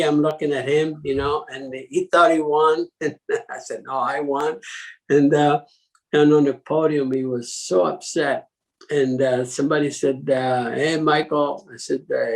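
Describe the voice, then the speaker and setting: A man's voice: a little high, low-quality recording. A man, a guest telling rambling anecdotes with chuckles and many restarts. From Italy. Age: 80s. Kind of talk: casual anecdotal storytelling.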